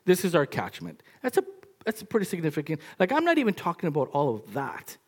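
A pastor delivers a sermon in a loose, chatty way, full of "like" fillers and quick restarts. The pitch swings widely from phrase to phrase. The delivery stays animated and informal throughout. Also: husky.

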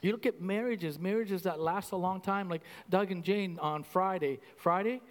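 A man from Canada preaching a casual, animated sermon to his congregation, repeating himself and saying "like" often. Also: high voice, moderate pace, long reverb tail, a little hiss or hum. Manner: animated, conversational, repeats phrases with many "like"s. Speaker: pastor.

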